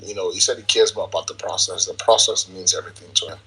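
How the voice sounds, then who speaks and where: A man's voice: sits low, fast talker, sharp tone, husky, low-quality recording. A man speaking in an online audio room, enthusiastic and chatty and sometimes laughing as he talks. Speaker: participant in an online audio space. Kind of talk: casual chat.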